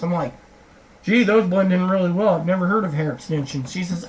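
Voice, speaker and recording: A lowish-voiced, middle-aged woman talks at a quick pace in a lengthy, rambling vlog answering viewer comments, reenacting other people's lines as she retells conversations. The recording is rough, with a faint hiss behind her.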